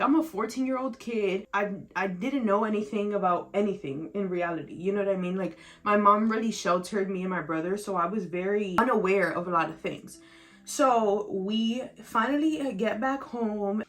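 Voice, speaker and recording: A young woman vlogger telling a personal story in a casual, rambling way, full of "like" and quoted dialogue. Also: medium pitch. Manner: casual, filler-heavy retelling with quoted dialogue.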